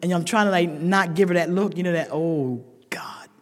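A woman's voice: on the low side, fairly even intonation, fast. Raw, emphatic woman in a reverberant hall. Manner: raw and emphatic, talks straight to the room. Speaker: speaker sharing a recovery story. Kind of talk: recovery meeting share. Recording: long reverb of a large hall.

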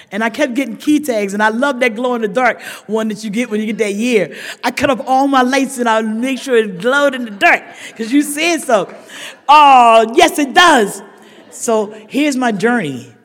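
A woman speaking at a recovery meeting, telling her story with blunt humor and lively voices for the people she quotes. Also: on the high side, normal speed. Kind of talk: personal recovery testimony. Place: large meeting hall. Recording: reverberant hall with long echo.

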